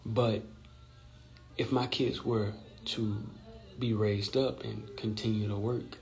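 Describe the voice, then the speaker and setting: Speaking slowly over soft background music, a Louisiana host explains things on an informal social-media live stream. His voice is low, flat and gravelly, he keeps asking "right?", and the phone or computer mic audio is poor.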